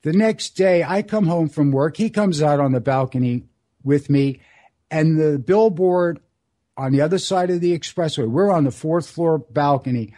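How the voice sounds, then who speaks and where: A man in his sixties hosting a solo radio show, telling stories in a rambling, earnest way and slowing down for emphasis. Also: on the high side, dark tone. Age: 60s. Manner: rambling, earnest storytelling with dramatic slow emphasis. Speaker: radio host.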